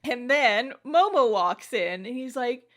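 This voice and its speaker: A woman co-hosting a casual podcast, recapping an anime with lots of energy. Her voice sits a little high, and she swears freely and laughs often. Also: measured pace. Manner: animated, profane, laughs often. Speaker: podcast co-host.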